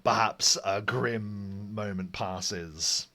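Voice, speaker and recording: A man's voice: lowish voice, drawn-out words, sharp tone. A man narrating as game master, storytelling with fillers and self-corrections.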